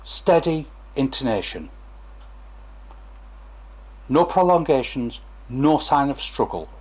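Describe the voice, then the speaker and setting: A man's voice: mid-range voice, big pitch swings, slow, darkish tone, breathy edge. A former stammering therapist, a man, gives a chatty, digressive talk to camera and acts out examples as he goes.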